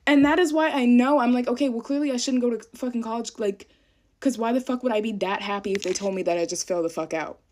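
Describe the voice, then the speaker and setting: A woman's voice: fairly high pitch, fast, darkish tone. A young woman, a college student, in a profane, self-deprecating rant to camera while getting ready. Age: young adult.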